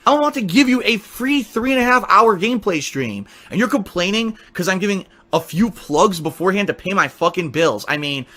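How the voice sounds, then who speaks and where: High, lively, angry ranting man. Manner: profane, combative, shouting outbursts. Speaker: video game streamer. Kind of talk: angry stream rant.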